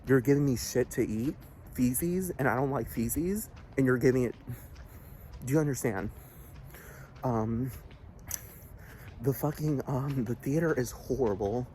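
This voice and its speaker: This agitated vlogger has a warm mid-range voice and speaks at a measured pace, pausing often, over slight background noise. His rant is profane and repetitive, and he keeps demanding, "Do you understand?"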